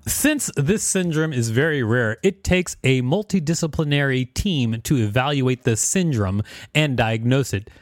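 Lively-pitched man reading an explainer. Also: no room sound, clean studio sound. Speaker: podcast co-host. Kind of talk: reading a scripted explainer in turns.

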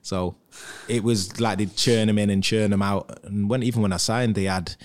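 In a fairly low voice and at a moderate pace, a man who used to play football professionally tells stories about his career as an interview guest. The talk is casual and chatty, and he animatedly performs what others said to him.

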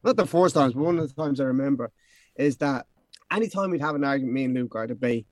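A man's voice: medium pitch, fast talker, dry recording. A man, a guest on a podcast, telling joking stories in a slightly congested voice. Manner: joking storyteller, a little congested. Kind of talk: casual chat.

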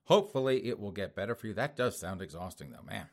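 A man's voice: on the low side, big pitch swings, fast. A middle-aged man hosting a talk show, reading news items and mocking them in a sarcastic commentary style. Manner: mocking, sarcastic, laughs at own jokes. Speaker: podcast host.

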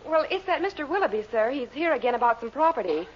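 A woman's voice: sits high, very animated, fast talker, a loud crowd. A woman playing a polite, fretful secretary in 1940s radio comedy acting. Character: fussy, worried female secretary. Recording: dull 1940s radio broadcast, hiss.

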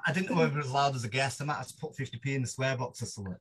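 A man's voice: medium pitch, very fast, fairly bright tone, slightly rough. A man with a Mancunian accent, a podcast guest, telling stories in a rambling, self-deprecating way with many restarts. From Manchester, England. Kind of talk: casual interview chat.

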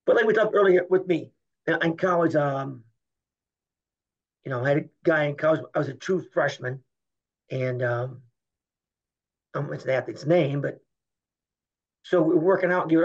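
A middle-aged man with a gravelly, husky voice, pitched a bit high, tells stories in a candid interview. He rambles and stresses his points, acting out the conversations he recalls. The audio sounds muffled and lo-fi. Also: a little fast, pauses often. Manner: rambling, emphatic, acts out dialogue. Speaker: guest, former Olympic wrestler.

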